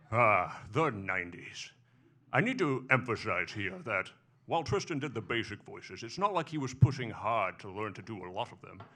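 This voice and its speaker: A man on stage impersonating a folksy older narrator from Nebraska with a measured, earnest delivery. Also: medium pitch, sharp tone.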